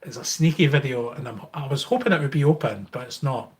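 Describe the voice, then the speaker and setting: A man's voice: medium pitch, fast. A middle-aged Scottish man hosting a live Q&A stream, talking in a rambling way with many fillers and restarts as he thanks viewers. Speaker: YouTube channel host.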